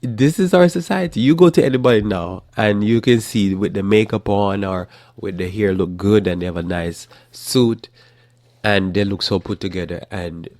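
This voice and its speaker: A man with a deep, gravelly voice hosts a casual religious current-events show. He rambles and restarts his sentences, delivering it all in a flat, matter-of-fact tone. The sound is close and dry. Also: brisk, dry recording. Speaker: host.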